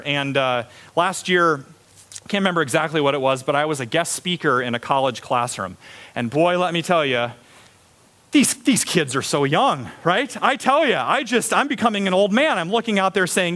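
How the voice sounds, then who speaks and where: A middle-aged male pastor preaching a sermon, animated, acting out little voices of the people in his stories. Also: on the high side. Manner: animated, acts out voices of kids and students.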